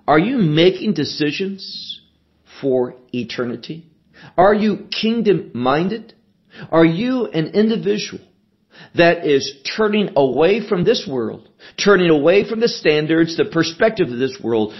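A man in his sixties preaches in a slow, deliberate way, pressing each point with earnest emphasis. His voice sits a little high for a man, and the broadcast sound is dull and lo-fi. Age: 60s. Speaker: Bible teacher. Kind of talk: radio sermon teaching.

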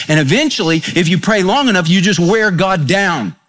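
A male pastor delivering a sermon with a slightly higher-pitched voice. He tells homely stories and acts out the lines of the people in them. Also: animated, a little fast, few pauses, a bit bright. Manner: folksy storytelling, acts out quotes.

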